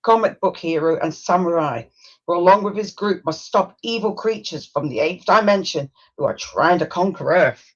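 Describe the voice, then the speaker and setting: A woman's voice: on the low side, expressive, moderate pace. A woman in casual conversation who mutters blunt remarks and mild curses to herself. Her voice sounds dull and muffled, as if picked up from a little way off the mic. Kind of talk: casual chat.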